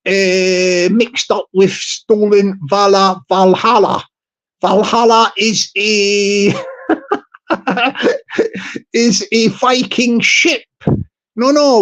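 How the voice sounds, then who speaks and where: A man's voice: sits high, a bit bright. A man hosting a vlog, talking in a rambling, jokey comic monologue with lots of repetition. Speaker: channel host.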